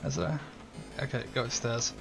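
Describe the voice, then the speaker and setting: A man's voice: medium pitch, vocal fry. Man giving casual let's-play commentary. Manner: casual, reacts out loud to the game. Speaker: player on a game stream.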